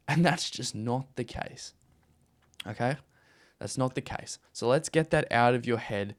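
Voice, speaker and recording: A man's voice: mid-range voice, animated, moderate pace. A man hosting a talk video and giving sales advice straight to the listener. He speaks emphatically, repeats his points and often checks in with "okay?" and "right?". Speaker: YouTube host and AI consultant.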